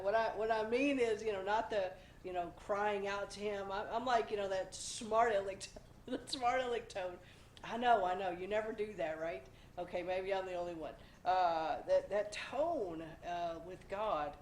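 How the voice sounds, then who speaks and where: A woman's voice: mid-range voice, darkish tone, slight background noise. A woman in her forties hosting a casual weekly devotional talk, a bit under the weather, chatty and self-deprecating with playful asides. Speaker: devotional host. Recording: roomy, slightly echoey home recording.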